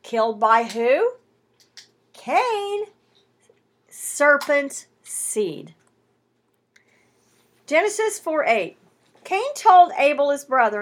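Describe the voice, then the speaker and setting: A woman teaching the Bible at home, reading scripture aloud and pressing her points with emphatic rhetorical questions and stretched key words. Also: sits high.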